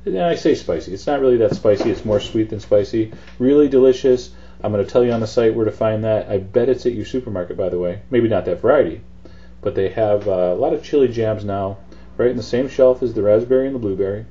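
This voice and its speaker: Relaxed man teaching a recipe. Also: lowish voice, quick pace, highs cut off. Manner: chatty, relaxed instruction with fillers. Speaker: cooking show host. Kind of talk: casual cooking demonstration.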